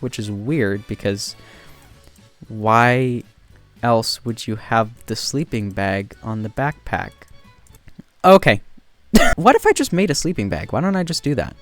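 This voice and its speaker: A man giving casual, joking commentary while playing a game, getting excited and loud when he spots something new. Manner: excitable, jumps to high squeals when spotting birds; self-deprecating, joking asides. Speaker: gaming video creator.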